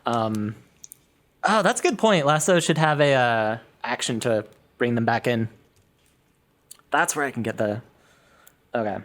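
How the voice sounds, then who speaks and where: A man narrating as game master of a tabletop game, lively and playful, correcting himself as he goes. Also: mid-range voice, unhurried, pauses often.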